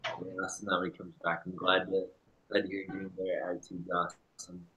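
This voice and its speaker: A man hosting a live-streamed interview and reading questions from the chat, hesitant with many ums, often trailing off quietly. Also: low-pitched, completely flat delivery, brisk, dull audio, background noise. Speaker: livestream host. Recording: echoey room.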